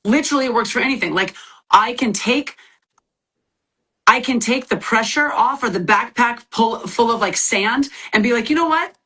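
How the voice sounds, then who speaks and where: A woman's voice: on the high side, normal speed, pushed and bright, breathy edge. A woman guest from the American South, chatting energetically and teasing a little on a live stream. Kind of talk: casual chat from a live stream.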